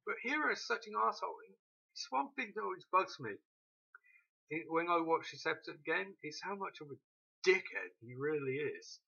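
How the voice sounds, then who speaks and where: A man ranting through a TV episode recap, swearing often and mocking the characters in quick quoted asides. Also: high voice, animated, gravelly, sharp tone, breathy edge, muffled recording. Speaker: show recap host.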